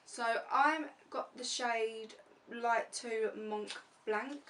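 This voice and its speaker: Speaking extremely slowly, a woman with a slightly high, somewhat bright voice walks through her makeup routine in a casual beauty vlog, describing every step as she goes. A distant mic catches faint room noise.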